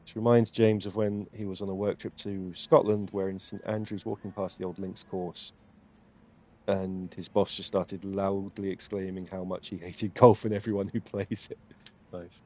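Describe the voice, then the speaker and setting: A man's voice: deep voice, little pitch movement, moderate pace, mellow. A man giving casual, self-mocking, sarcastic commentary while streaming a game.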